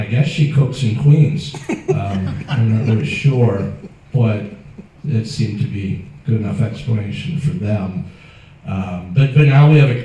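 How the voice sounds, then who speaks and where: A man's voice: lowish voice, dark tone, breathy edge, rough recording. A man in his fifties telling stories in a stand-up comedy set, rambling and hesitant, with a self-deprecating manner. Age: 50s. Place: small comedy venue.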